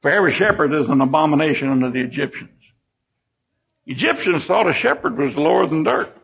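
A man's voice: fairly high pitch, expressive, brisk, creaky, a bit bright, husky. An older man teaching a Bible lesson in a folksy, emotional way, acting out the scenes as he goes. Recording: dull lo-fi recording.

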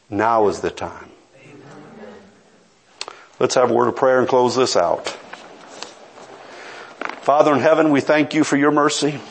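A middle-aged man preaching a sermon, telling a story with earnest, pleading intensity. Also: medium pitch.

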